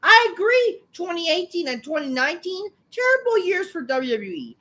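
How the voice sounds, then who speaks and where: A woman hosting a wrestling review, ranting angrily with constant swearing and bursts of shouting. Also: very high-pitched, very animated, normal speed. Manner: angry, swearing, repeating insults.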